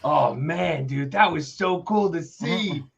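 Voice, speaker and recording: A man's voice: on the high side, expressive, takes it slowly, vocal fry, fairly bright tone, slightly rough, dull audio. A man from the New York metro area co-hosting a casual podcast chat, joking and laughing often. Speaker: podcast co-host.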